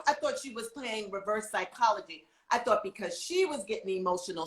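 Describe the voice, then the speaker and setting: A woman co-hosting a casual talk show, chatting and recounting events with animated energy. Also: on the high side, roomy sound, poor audio. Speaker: co-host.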